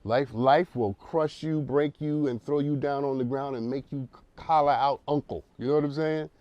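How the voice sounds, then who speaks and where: A man's voice: medium pitch, steady tone, normal speed, a little mellow, no echo, dull audio. A man hosting a counseling talk show, speaking emphatically in a preacherly way and repeating words as he builds a point.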